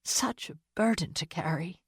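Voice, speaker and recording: A woman voicing a kindly, motherly hotel keeper in an audiobook, gentle, soothing and encouraging. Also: lowish voice, normal speed, husky, no room sound, clean studio sound. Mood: comforting. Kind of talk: audiobook character reading.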